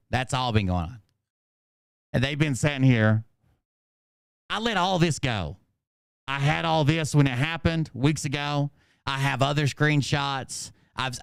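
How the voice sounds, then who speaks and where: A man's voice: mid-range voice, smooth, no room sound, clean studio sound. A man hosting a livestream, ranting in an angry, combative way and swearing constantly. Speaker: channel host.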